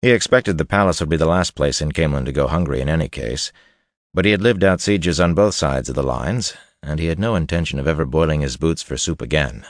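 Male narrator, audiobook reading, very low voice, steady, dry close mic. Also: fairly quick, no room sound.

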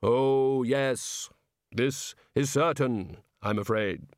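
A man voicing Death as a calm, courteous figure who speaks mildly and without hurry. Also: mid-range voice, dry recording, studio quality. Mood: mildly polite. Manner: mild, courteous, unhurried. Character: calm, polite male personification of Death. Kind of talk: audiobook character voice.

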